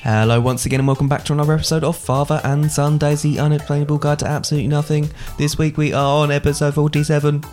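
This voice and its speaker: This young man in his twenties chats as a podcast host, speaking in a playful and jokey manner. Faint music plays quietly behind him. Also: fairly high pitch, flat delivery, fast talker, few pauses. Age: 20s. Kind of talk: casual chat.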